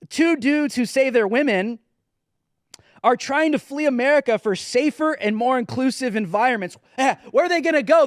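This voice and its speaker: A man's voice: very high-pitched, no room sound, clean studio sound. A man hosting his own show, ranting in a mocking, emphatic commentary and calling his viewers guys and dude. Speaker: show host.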